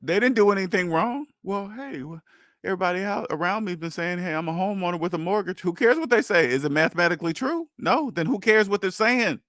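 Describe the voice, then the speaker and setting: A man hosting a casual monologue, animated and laughing, acting out mock voices and firing rhetorical questions. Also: sits high, fast talker, no echo, clean studio sound. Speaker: host.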